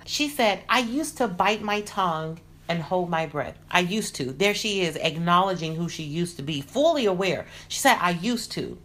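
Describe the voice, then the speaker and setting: A woman hosting a motivational podcast, talking in an earnest, encouraging way that grows lively when she gets excited. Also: lowish voice, normal speed, few pauses, soft background music. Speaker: podcast host.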